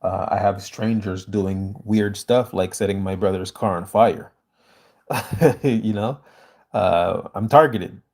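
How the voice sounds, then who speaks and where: A man speaks in a lowish, mellow voice, hosting a casual livestream and answering his viewers. He talks earnestly and with emphasis. The sound is a plain home setup. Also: slow pace. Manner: earnest, emphatic, reads chat aloud and answers. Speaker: livestream host reading viewer comments.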